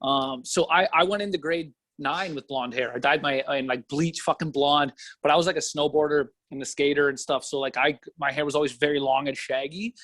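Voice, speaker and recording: A man's voice: fairly high pitch, fairly even intonation, brisk, hardly any pauses, fairly bright tone, dry recording. A young Canadian man, a comedian guest, telling stories in a rambling, profane way on a casual podcast.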